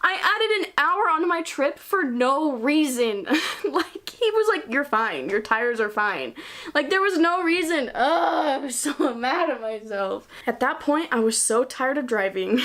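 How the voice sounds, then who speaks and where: A woman's voice: sits high, lively intonation, measured pace, a bit bright. A woman in her twenties telling a story to camera in a casual vlog, chatty and breezy, laughing between phrases. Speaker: vlogger.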